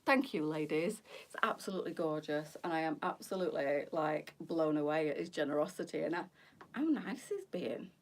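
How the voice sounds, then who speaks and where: Bubbly woman, lively voice. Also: sits low, moderate pace, far from the mic. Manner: bubbly, gossipy, laughs often. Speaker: boutique owner hosting a live try-on. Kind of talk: chatty live-stream fashion talk.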